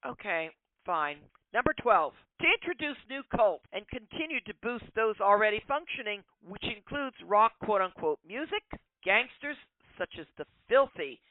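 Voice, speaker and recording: A woman hosting a podcast, delivering an opinionated monologue in an animated, ranting way full of rhetorical questions. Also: mid-range voice, normal speed, dry recording. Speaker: podcast host. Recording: tinny phone-like line, dry.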